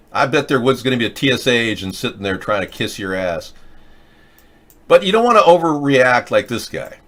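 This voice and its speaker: A man hosting a political commentary show, talking in a rambling, sarcastic way, mid-pitched. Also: a bit bright. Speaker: host.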